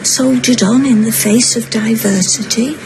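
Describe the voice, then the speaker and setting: An actress playing an anxious, self-pitying older mother and grandmother, who talks in plaintive, rushed runs of self-justification. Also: a little high, steady tone, close to an everyday voice. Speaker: soap opera character. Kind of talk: television drama acting. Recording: noisy broadcast soundtrack.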